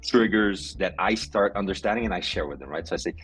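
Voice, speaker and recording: A man's voice: deep voice, fast talker, a bit bright, husky, soft background music, rough recording. A man co-hosting a podcast, chatting openly and earnestly. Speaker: podcast co-host. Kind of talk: casual podcast chat.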